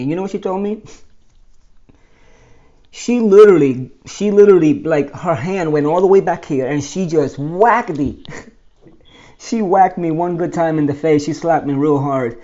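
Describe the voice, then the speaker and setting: A man's voice: a little high, normal speed, warm tone, muffled recording. A man telling his own life story in a rambling monologue, often restarting and correcting himself.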